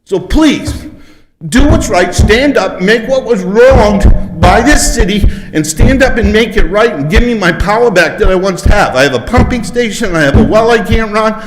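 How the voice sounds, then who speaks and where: A man's voice: high-pitched, animated, normal speed, slight background noise. A man giving an emotional public comment at a council podium, pleading and frustrated. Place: council chambers. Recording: echoey hall.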